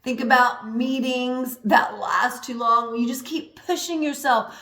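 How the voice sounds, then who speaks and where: Woman podcaster telling a story, kinda high voice, echoey room, slows down for breathing bits. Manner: animated storyteller, guides listener through slow breathing. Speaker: podcast co-host. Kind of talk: storytelling and motivational talk.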